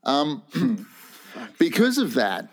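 Middle-aged Australian male co-host, relaxed and rambling, ordinary mid-range voice. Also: medium pitch, very slow. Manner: laid-back, rambling reminiscence. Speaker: podcast co-host. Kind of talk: casual chat.

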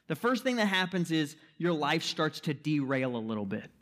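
A man's voice: on the high side, very animated, moderate pace, fairly bright tone. A man preaching a sermon as pastor, emphatic, posing rhetorical questions and checking in with the listeners. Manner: checks in with "right?" and "okay?".

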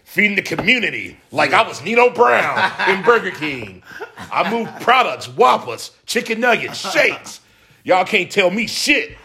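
A man's voice: high voice, sing-song, unhurried, creaky, a crowd in the background. A man in casual chat, trading joking, boastful banter.

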